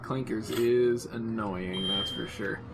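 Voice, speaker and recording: A man's voice: fairly low pitch, steady tone, takes it slowly, music in the background. A young adult man playing a video game and commenting casually, with laid-back remarks. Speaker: co-host and player of a game let's-play.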